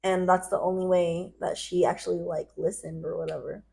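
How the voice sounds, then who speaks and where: A woman's voice: fairly low pitch, little pitch movement, fairly quick, vocal fry, dark tone. A young woman co-hosting a podcast, telling a story in casual chat, acting out the quotes and swearing freely. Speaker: podcast co-host.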